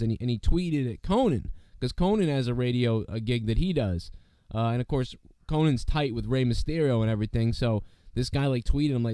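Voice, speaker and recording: Hoarse-voiced man hosting a wrestling chat. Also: medium pitch, brisk, few pauses, warm tone, no room sound. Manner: rambling, many fillers. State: sick, voice worn. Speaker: wrestling podcast host. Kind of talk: casual chat.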